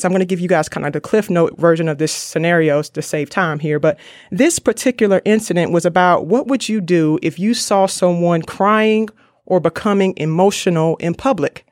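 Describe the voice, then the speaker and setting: High-voiced earnest man, dry close sound. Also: dry recording. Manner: earnest, retells stories with quoted lines. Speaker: mental wellness speaker. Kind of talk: casual motivational talk to viewers.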